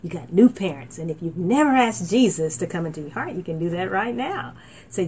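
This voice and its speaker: A middle-aged woman minister preaching a sermon with fervent, animated delivery, often saying amen, recorded on a laptop. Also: on the low side, fairly quick, a little hiss or hum. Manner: fervent, animated, frequent amens. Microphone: laptop mic.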